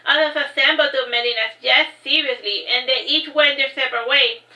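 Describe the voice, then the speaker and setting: High bright woman reading her novel. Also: moderate pace, lo-fi sound. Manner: reads with frequent self-corrections and chatty asides. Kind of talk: casual audiobook reading. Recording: roomy echo.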